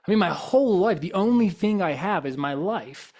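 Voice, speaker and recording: A man's voice: high-pitched, animated, moderate pace, darkish tone. A man giving a motivational talk as a guest speaker, telling stories and pressing his audience with rhetorical questions. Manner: probing, full of rhetorical questions.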